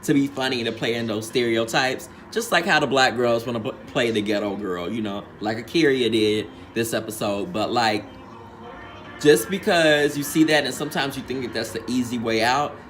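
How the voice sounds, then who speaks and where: A man's voice: medium pitch, normal speed, fairly bright tone, slight background noise. Sassy man dishing drag-slang recap. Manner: acts out quotes in changed voices. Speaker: reality show recap host. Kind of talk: casual recap commentary.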